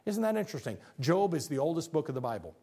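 A man giving an animated faith talk over slides, asking rhetorical questions and pressing his points with emphasis, now and then stumbling over his words. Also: on the high side, fast talker, slightly rough. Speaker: speaker presenting slides.

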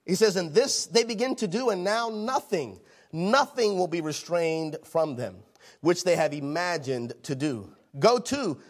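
A man preaching a sermon, animated, repeating phrases and acting out the voices in the scripture he reads. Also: sits high, unhurried.

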